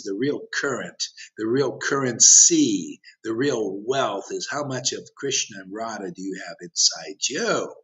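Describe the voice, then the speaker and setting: A man's voice: medium pitch, fairly bright tone. A man giving an impassioned, provocative sermon as a spiritual teacher, challenging his listeners directly. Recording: dull lo-fi recording.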